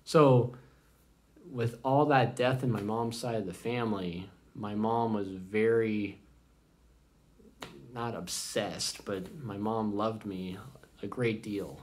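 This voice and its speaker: A man's voice: lowish voice, fairly even intonation. Rambling man telling family stories. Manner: rambling, halting, many fillers. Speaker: vlogger. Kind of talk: casual storytelling.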